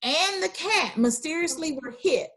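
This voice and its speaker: Woman teacher on a video call, encouraging and full of praise, pitch swinging widely, unhurried delivery. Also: expressive, fairly bright tone. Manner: reads sentences aloud slowly. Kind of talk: online class teaching.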